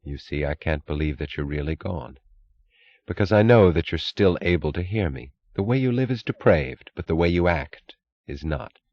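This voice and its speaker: A man with a deep voice reading the lines of a determined woman railroad executive who pleads with restrained, precise words, recorded with a dull, dry sound. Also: animated, normal speed, no room sound. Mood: earnest.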